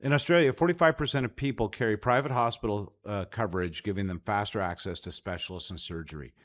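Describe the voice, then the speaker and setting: A man from Canada co-hosting a casual policy talk show, earnest with quick jokey asides. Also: lowish voice. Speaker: podcast co-host. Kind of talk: casual chat about policy.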